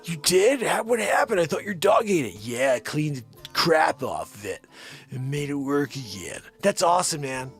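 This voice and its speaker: A man voicing his laid-back male friend, excited and casual, in his own everyday voice. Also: a little high, moderate pace, slightly rough, soft background music, exaggerated voice. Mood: impressed.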